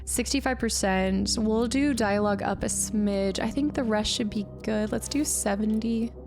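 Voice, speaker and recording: A woman's voice: medium pitch, normal speed, over music. A woman chatting casually as she streams a game and thanks viewers by name. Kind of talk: casual live gameplay commentary.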